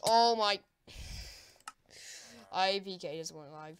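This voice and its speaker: A woman giving excitable live gameplay commentary, with frequent panicked cries and laughter. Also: medium pitch, drawn-out words, long pauses. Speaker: gaming video creator. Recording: loud background noise.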